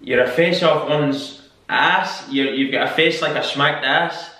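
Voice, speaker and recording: A man's voice: fairly high pitch, unhurried, pushed and bright. A Scottish man hosting a casual vlog, chatting loosely, repeating phrases and laughing at himself. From Scotland. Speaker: YouTube host. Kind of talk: casual reaction vlog, guessing slang. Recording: very echoey room, mic far off.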